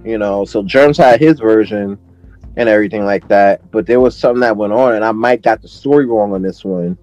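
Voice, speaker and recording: A man's voice: lowish voice, a little fast, darkish tone, no echo, lo-fi sound. A man, a music producer telling stories as an interview guest in a slangy, laid-back way. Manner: laid-back, slangy, many "you know what I'm saying" fillers. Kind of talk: casual storytelling chat.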